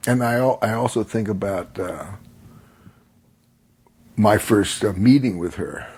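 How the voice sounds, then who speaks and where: An older man with a husky, gravelly voice spins a long, rambling personal story. He laughs often and jumps into animated voices for the people in his tale. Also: fairly low pitch, a little slow. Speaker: podcast guest. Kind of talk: casual storytelling.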